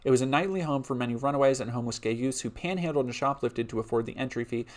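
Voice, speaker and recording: A man's voice: mid-range voice, fast talker. A man streaming live, reading a history script aloud and breaking off for casual, laughing asides to chat. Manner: casual, laughing asides between read passages.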